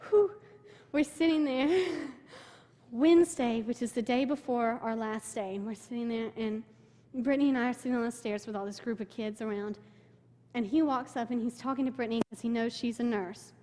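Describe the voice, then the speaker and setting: This mission trip speaker, a young woman, has a dark-toned voice on the high side and a moderate pace. In her personal testimony to the church, she tells the story with emotion and quotes people in her own voice, all echoing with long hall reverb in the sanctuary.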